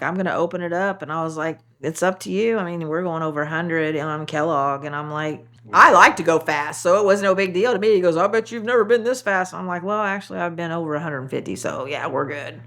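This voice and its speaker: A woman from Indiana who sells cars, telling stories in a casual, animated way and acting out her customers' lines. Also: sits low. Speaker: car saleswoman. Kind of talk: casual storytelling. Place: Kansas.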